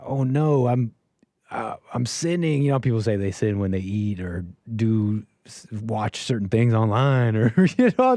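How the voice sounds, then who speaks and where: In a medium-pitched, slightly mellow voice, this livestream host takes calls and reacts to clips with rambling, casual commentary full of fillers, sounding sarcastic and dismissive. The recording is dry.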